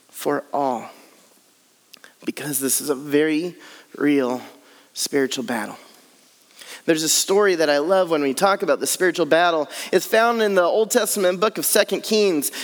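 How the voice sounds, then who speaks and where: A man's voice: sits high, in a large hall. A man preaching a sermon earnestly, building his points in repeated lists. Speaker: pastor.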